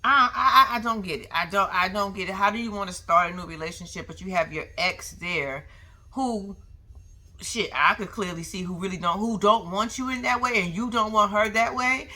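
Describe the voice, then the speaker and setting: A woman's voice: mid-range voice, moderate pace, pushed and bright. A young woman recapping a reality show in a sassy, slangy way, talking back to the people on it and making frequent asides to her viewers. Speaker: vlogger.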